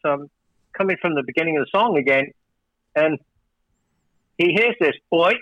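A man's voice: on the high side, normal speed, dry recording, dull audio. A record producer telling studio stories in an interview, acting out the exchanges as he goes. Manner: animated storyteller, acts out studio exchanges. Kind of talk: storytelling interview.

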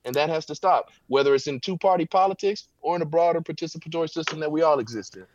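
A man's voice: a little high, fast, dry recording, highs cut off. A man giving impassioned political commentary from home, emphatic and preacherly, with rhetorical "right?" tags. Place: home, backyard visible.

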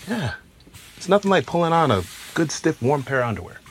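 This radio drama part has a quirky federal agent with a dry, wry delivery. his voice is gravelly with fry, and there is a clear layer of background noise. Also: fairly high pitch, sing-song, fairly quick.

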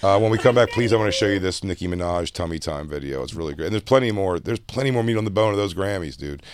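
Lower-voiced man in crude comedic banter. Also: quick pace, smooth. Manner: crude, animated, laughs often. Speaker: podcast co-host.

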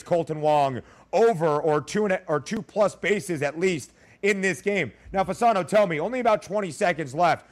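Upbeat sports radio host man. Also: high voice. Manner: upbeat and jokey.

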